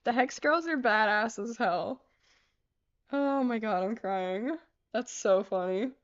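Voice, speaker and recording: A woman's voice: fairly high pitch, slow pace, dull audio. A young woman hosting a casual livestream, giggling often, swearing freely and reading viewer comments aloud as she works on a craft. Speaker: livestream host.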